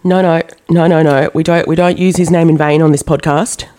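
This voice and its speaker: A woman's voice: low voice, steady tone, a little fast, warm tone. A woman co-hosting a podcast, teasing bluntly and bawdily with heavy swearing. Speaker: podcast co-host. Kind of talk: casual chat.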